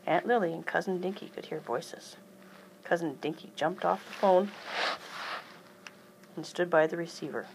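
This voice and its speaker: A woman reading a children's chapter book aloud in an even storytelling manner. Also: on the low side, normal speed, gravelly, long pauses, a little hiss or hum, poor audio. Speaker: reader.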